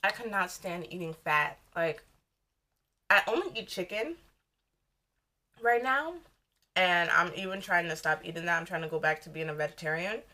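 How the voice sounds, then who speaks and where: A young American woman vlogger eats on camera for a mukbang, talking in a low-ish, sharp-toned voice at a moderate pace with long pauses. Her chatter is casual, rambling, loose and candid.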